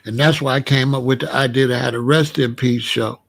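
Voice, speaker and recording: A man with a steady, gravelly voice talks fairly quickly, hosting a casual commentary channel monologue full of street stories told bluntly and profanely. His tone drops low and quiet as he recounts dangerous moments.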